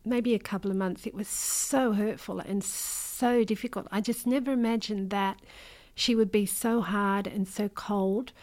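A middle-aged Australian woman, an author, telling a painful personal story in an interview, earnest and hesitant, with frequent pauses and restarts. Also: medium pitch, fairly even intonation, darkish tone. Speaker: interview guest, memoir author.

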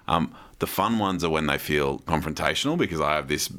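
A man's voice: a bass voice, expressive, brisk, bright, forceful tone. An Australian man telling stories as a podcast guest in casual chat, dry and self-mocking, acting out other people's voices.

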